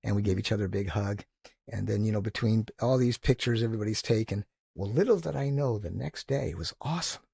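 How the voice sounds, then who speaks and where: A man in his sixties, a podcast guest who tells animated, enthusiastic stories and acts out the quotes. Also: on the low side, quick pace, creaky, slightly rough, no echo, clean studio sound. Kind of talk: casual storytelling interview.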